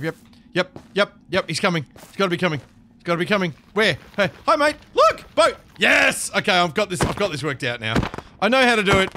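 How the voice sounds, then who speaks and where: A man commentating live gameplay, excitable and chattering to the creatures in his game. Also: high voice, noisy background. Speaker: gaming streamer.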